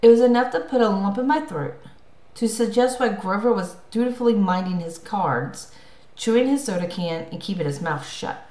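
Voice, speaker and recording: A woman's voice: medium pitch, moderate pace, dark tone. Woman narrating an audiobook, roomy sound. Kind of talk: first-person audiobook narration. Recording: roomy echo.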